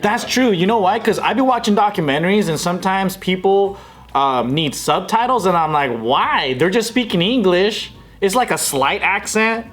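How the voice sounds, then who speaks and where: A man with a fairly high voice tells jokey, animated stories in a casual panel chat. His pitch swings widely, and faint music plays behind him. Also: normal speed. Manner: joking, animated storytelling. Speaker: panel commentator.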